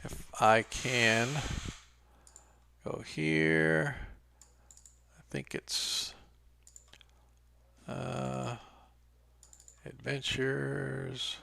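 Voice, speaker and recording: A man's voice: mid-range voice, very slow, gravelly, pauses often, sharp tone, clear, resonant tone. A man acting as game master, chatting loosely and trailing off mid-sentence while he sets up maps for an online game. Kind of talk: casual pre-game chat.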